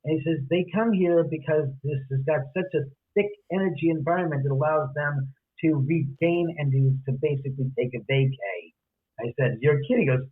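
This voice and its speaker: A man's voice: a little high, fairly quick, slightly rough. A man, a guest author, animatedly telling a story and acting out the other person's lines. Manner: acts out quoted dialogue. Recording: tinny phone-line audio.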